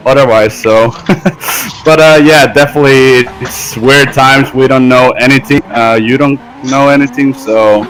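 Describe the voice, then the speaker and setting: A man's voice: medium pitch, poor audio. Laid-back man from Norway on a video call. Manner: laid-back, laughs softly between short answers. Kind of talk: casual video-call chat.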